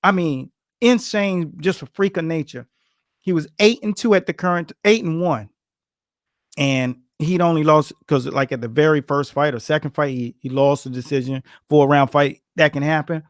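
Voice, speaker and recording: A man, a boxing coach, telling gym stories in a casual, animated chat full of slang and acted-out quotes. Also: fairly high pitch, moderate pace, no echo, clean studio sound. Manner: animated, slangy, acts out quotes with grunts and laughs.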